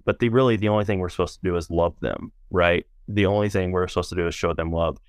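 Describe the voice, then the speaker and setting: A man, a minister and podcast guest, tells a long story in conversation, with rambling restarts and fillers that turn animated in the lively parts. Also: deep voice, fast talker, dry recording, studio quality. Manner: rambling, many restarts and fillers, animated when telling stories.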